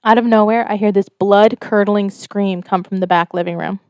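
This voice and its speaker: Woman podcast co-host, smooth clear voice, dry close mic, casual storyteller who swears. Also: medium pitch, normal speed, no room sound. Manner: casual, swears freely, reads stories in a steady flat telling.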